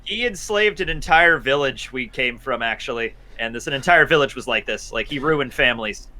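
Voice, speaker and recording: A man's voice: mid-range voice, animated, normal speed, sharp tone, slight background noise. A man playing in a tabletop game, talking in an offhand, joking way. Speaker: player. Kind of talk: tabletop role-play chat.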